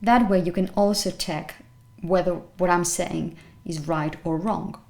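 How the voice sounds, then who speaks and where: A woman teaching English pronunciation, saying each word slowly and repeating it with care. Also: on the low side, steady tone, darkish tone. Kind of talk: pronunciation lesson.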